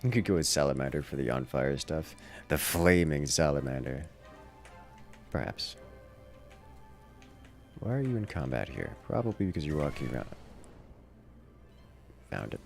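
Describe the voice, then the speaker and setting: A man with a very deep, gravelly voice and a Southern accent, rambling through casual livestream chat with wry, self-deprecating asides. His pitch swings in a lively way, and faint music plays behind him. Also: moderate pace, long pauses. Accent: generic Southern US. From Southern United States. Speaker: livestream gamer.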